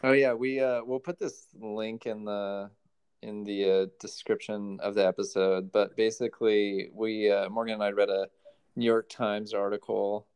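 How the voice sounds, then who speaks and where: A man with a fairly low, smooth and resonant voice, talking casually as a podcast co-host. His delivery is wry and teasing, with dry sarcasm and easy laughter. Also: flat delivery, normal speed, a little mellow. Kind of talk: casual chat.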